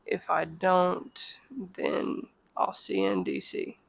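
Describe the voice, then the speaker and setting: A woman vlogging casually to her phone, chatty and self-deprecating, at times out of breath from walking fast outdoors in the cold. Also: fairly low pitch, gravelly, slightly rough, no echo, low-quality recording. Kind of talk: casual travel vlog to camera. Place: outdoors on cold city streets.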